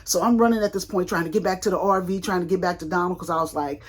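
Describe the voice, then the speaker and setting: An older woman with a husky, slightly low voice tells a rambling story to her vlog audience. She talks colloquially, restarts sentences and jumps into lively voices for the people in the tale. Her delivery is relaxed and chatty. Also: fast talker. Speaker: vlogger.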